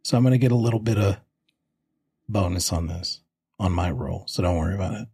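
A man's voice: sits low, brisk, warm tone, husky, no room sound, studio quality. A man narrating a tabletop game as game master in a casual, descriptive way, thinking aloud as he goes.

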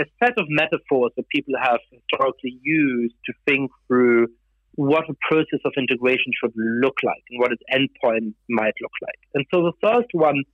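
A man who grew up in Germany, a guest giving thoughtful, measured interview answers with some fillers. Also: mid-range voice, no echo, lo-fi sound.

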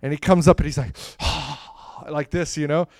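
A man telling a rambling personal story in a casual way, acting out scenes with sudden loud bursts. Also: fairly high pitch, steady tone, measured pace, no echo, clean studio sound. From Florida, USA. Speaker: speaker sharing a testimony.

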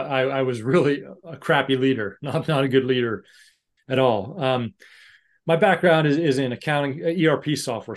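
Middle-aged American guest, frank and self-mocking, mid-range voice. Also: male voice, medium pitch. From United States. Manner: candid, self-deprecating, stumbling restarts. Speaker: leadership coach, guest. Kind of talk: casual interview storytelling.

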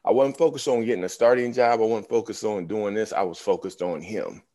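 A man's voice: lowish voice, a little fast. A man in his fifties, a former pro basketball player, telling stories in a casual interview and acting out the voices of people he quotes. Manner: animated storyteller, acts out quoted voices.

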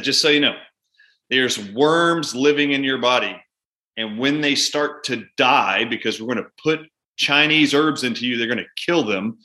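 Bright-voiced man telling a vivid clinic story. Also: medium pitch. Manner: animated, acts out both sides of a patient exchange. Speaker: doctor and guest. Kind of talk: conversational storytelling.

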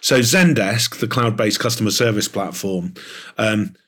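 A man being interviewed as an author, talking in an animated, enthusiastic way with plenty of fillers. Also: lowish voice, a little slow, slightly rough. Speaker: author and guest. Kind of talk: podcast interview.

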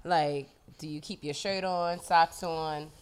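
A woman's voice: sits low, fairly even intonation, takes it slowly, smooth. A woman co-hosting a casual podcast, teasing the others playfully. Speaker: podcast co-host. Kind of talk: casual group chat.

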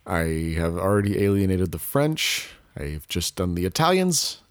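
A man's voice: low-pitched, big pitch swings, measured pace, no echo. Opinionated young male podcast guest. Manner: rambling, opinionated, swears freely. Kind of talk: casual podcast banter.

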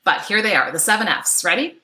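A woman's voice: mid-range voice, lively intonation, brisk, pushed and bright. Chatty woman coach on her computer mic, keeps saying right?, kinda roomy sound. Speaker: online course coach. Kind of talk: live online workshop talk. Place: home office.

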